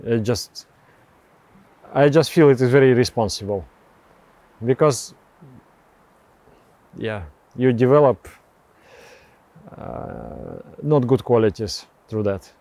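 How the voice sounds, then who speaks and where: A man teaching meditation, explaining breathing practice in a halting way, often repeating words and restarting phrases, with soft laughs between remarks. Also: mid-range voice, lively intonation, no room sound.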